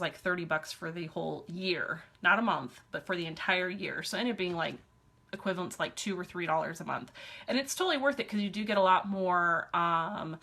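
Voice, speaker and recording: A woman's voice: on the low side, bright, forceful tone. A woman giving a casual, upbeat live-streamed sales team training, chatty with sassy asides.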